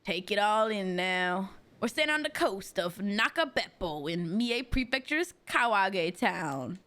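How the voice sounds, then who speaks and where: A woman's voice: mid-range voice, expressive, unhurried, fairly bright tone, pitched below the performer's own voice. A woman voicing a cheerful, dramatic male fantasy author in a put-on Southern accent, speaking grandly. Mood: grandiose. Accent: American Southern, put on. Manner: theatrical, grandiose.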